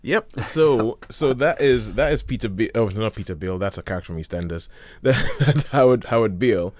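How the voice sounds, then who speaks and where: A man's voice: on the low side, animated, normal speed, noisy background. A man hosting a film podcast, chatting casually, rambling and correcting himself as he goes. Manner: rambling, with self-corrections and laughs. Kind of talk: casual chat.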